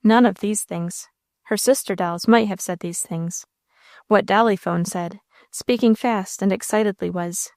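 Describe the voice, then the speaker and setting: Measured woman narrating a classic story. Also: mid-range voice, creaky, a little mellow, dry recording, clean studio sound. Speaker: audiobook narrator.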